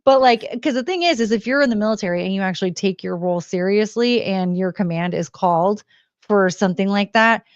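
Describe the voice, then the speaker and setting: A woman co-hosting a casual podcast chat, retelling events and quoting people in a raised, animated voice. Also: medium pitch, fairly quick, dry recording, highs cut off. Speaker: podcast co-host.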